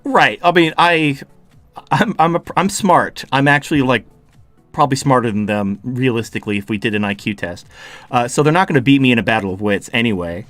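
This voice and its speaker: A man's voice: mid-range voice, brisk, a bit bright, dry recording, faint music behind. A man hosting a podcast, ranting in a heated, sarcastic and profane way in casual chat. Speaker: podcast host.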